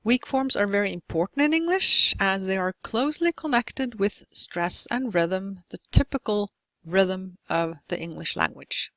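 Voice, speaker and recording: A woman teaching English pronunciation in a recorded lesson, speaking in a careful, deliberate way and stretching out example words. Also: medium pitch, expressive, a bit bright, no room sound, rough recording. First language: Norwegian. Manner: slow, careful, deliberate delivery with exaggerated model words.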